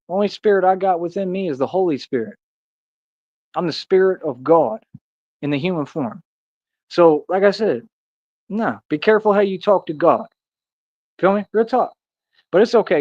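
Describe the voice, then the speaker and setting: A man's voice: on the high side, a little mellow, no echo, dull audio. A man ranting to his live chat in a boastful, preachy and confrontational way. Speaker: streamer. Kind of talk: live-stream rant to chat.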